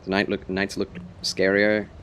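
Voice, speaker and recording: A man streaming a video game, chatting casually with viewers in a polite, formal, gentlemanly way. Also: low voice, completely flat delivery, a little slow, a little hiss or hum.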